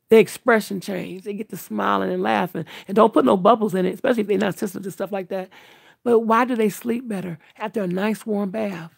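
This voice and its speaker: Gravelly-voiced woman chatting casually. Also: mid-range voice, a little mellow, no echo, studio quality. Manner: meandering, many restarts and fillers. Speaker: livestream host answering viewers. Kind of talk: casual rambling chat.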